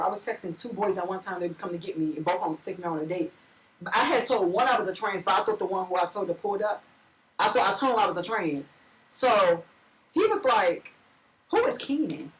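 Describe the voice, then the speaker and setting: Fast, bright-voiced young trans woman storyteller. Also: medium pitch. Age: young adult. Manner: blunt, profane, animated retelling. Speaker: co-host. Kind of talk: casual storytelling. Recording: echoey room, far from mic.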